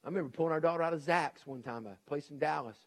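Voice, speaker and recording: A middle-aged man delivers a sermon in a folksy, emphatic style. His voice sits a little higher than most men's, and he keeps circling back to hammer his point, slipping into the voices of the people he quotes. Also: racing. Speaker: preacher and educator.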